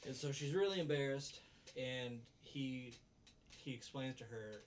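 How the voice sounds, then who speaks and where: A man casually recapping an anime episode with animated retelling, recorded on a distant mic with faint background noise. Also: mid-range voice, a little slow. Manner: animated retelling, acts out characters' lines. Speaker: anime review host.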